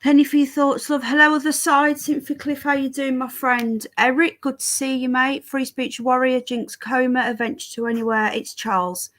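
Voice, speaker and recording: A woman's voice: high-pitched, flat delivery, normal speed, hardly any pauses, a bit bright. An English woman chatting casually on a live stream, greeting viewers by name while fiddling with her stream settings. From England.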